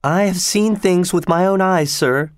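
Old woman housekeeper, solemn and mysterious, low warnings, read by a man. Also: measured pace, smooth, no room sound, clean studio sound. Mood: fearful.

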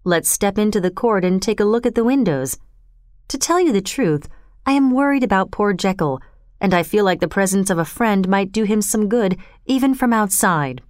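A woman reading the lines of a sober male lawyer in a storybook, speaking in a measured, reasoning way. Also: medium pitch, expressive, darkish tone, no echo, studio quality, lightly acted. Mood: concerned.

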